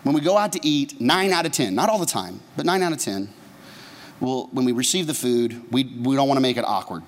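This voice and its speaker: A man's voice: medium pitch, expressive, fairly quick. A man, a pastor, preaching a humorous, conversational sermon and asking the congregation questions. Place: church sanctuary. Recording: long church reverb.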